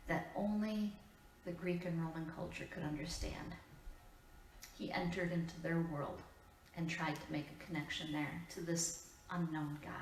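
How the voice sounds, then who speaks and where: A woman pastor preaches with an Upper Midwest American lilt, her voice sitting a little low for a woman. She speaks in a measured, earnest way and leaves deliberate pauses between her phrases. The sound carries the reverb of a church room, picked up from some distance away. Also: slight background noise. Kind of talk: sermon. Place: church sanctuary. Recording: echoey church room, voice from afar.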